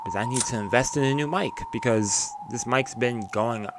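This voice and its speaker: A male streamer chats casually and playfully with his viewers. He laughs often and stumbles over his words. His voice sits in an ordinary middle pitch. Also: normal speed, heavy background noise. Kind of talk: casual live-stream chat.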